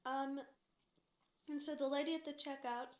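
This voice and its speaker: A woman's voice: high voice, fairly even intonation, normal speed, a little mellow. A young woman from the United States chatting casually to viewers, telling a story with lots of "like" and fillers. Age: young adult. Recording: roomy echo.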